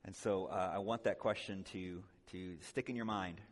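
Man, low-pitched, conference talk, conversational teaching, checks in with the crowd, long hall reverb. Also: fairly even intonation, moderate pace. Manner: conversational, checks in with "right?" and "okay?", joking asides. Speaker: conference speaker teaching on biblical counseling.

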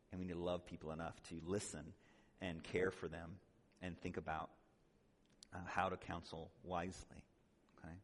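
A man giving an earnest, conversational sermon-style teaching on counseling, now and then acting out the voices of the people he quotes. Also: sits low. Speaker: speaker at a church conference. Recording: long hall reverb.

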